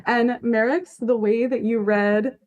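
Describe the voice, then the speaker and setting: A woman's voice: a little high, steady tone, slow, darkish tone, dull audio. A woman chatting casually on a livestream, emphatic, swearing freely and laughing often as she answers her chat. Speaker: fanfiction writer on a livestream.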